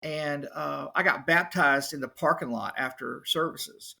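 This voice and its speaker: A man, a musician and podcast guest, telling his story in a casual, animated way. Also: fairly high pitch, measured pace, gravelly. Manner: animated, acts out other people's voices.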